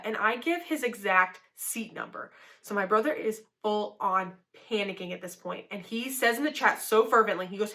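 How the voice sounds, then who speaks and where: A young woman giving a casual youth sermon, telling a story in a chatty, animated way with lots of "like" fillers. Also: medium pitch, moderate pace. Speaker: youth ministry speaker.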